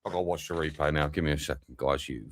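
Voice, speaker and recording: A man's voice: a bass voice, quick pace, dry recording. A man streaming a football watch-along, swearing, venting and chatting with his viewers. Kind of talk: live match commentary and chat.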